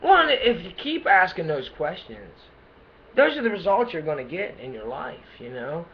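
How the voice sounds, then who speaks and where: A man giving an unscripted motivational talk to camera, hesitant and full of fillers and restarts, with bursts of excitement. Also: high-pitched, moderate pace, gravelly, lo-fi sound. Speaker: self-help vlogger.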